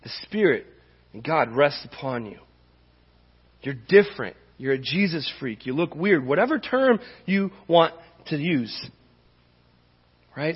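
A man's voice: on the high side, slightly rough. A man preaching a sermon as pastor, impassioned and conversational, with emphatic peaks. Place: church sanctuary. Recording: dull reverberant church hall.

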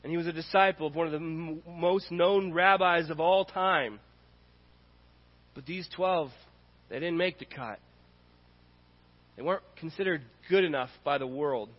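A man's voice: fairly high pitch, a little slow, long pauses. A man preaching a sermon as pastor, earnest and repetitive in his cadence. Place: church sanctuary. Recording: dull audio in a reverberant hall.

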